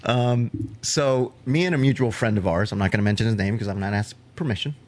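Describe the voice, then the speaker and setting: A man's voice: on the low side, fairly quick. A man hosting a podcast, chatting casually and telling a story with easy laughs. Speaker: podcast host.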